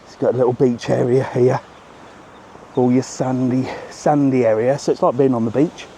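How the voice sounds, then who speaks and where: A middle-aged man speaks at normal speed in a mid-range voice, with slight background noise, as he gives a live walking tour of a hotel resort outdoors. The travel vlogger addresses his phone camera in a chatty, animated way, often saying "look".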